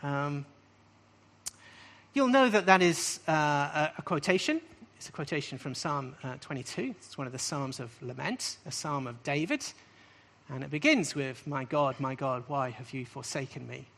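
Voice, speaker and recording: Guy preaching a sermon to a group, bit high voice, says stuff twice for emphasis. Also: animated, normal speed, vocal fry, fairly bright tone. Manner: emphatic, repeats key phrases with rising questions. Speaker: preacher teaching on scripture. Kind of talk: sermon-style teaching.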